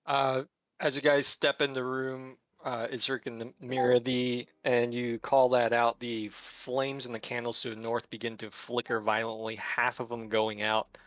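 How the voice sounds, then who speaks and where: Bright-voiced male game master. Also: medium pitch, level tone, no room sound, lo-fi sound. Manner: halting narration with many fillers. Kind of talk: narrating a tabletop game.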